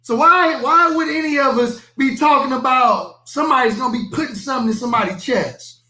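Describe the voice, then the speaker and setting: A man hosts a live reaction stream and talks straight to his viewers in an emphatic, skeptical way. His voice sits very high and sounds bright and sharp. The recording has a noticeable room echo. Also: fairly quick. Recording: echoey room.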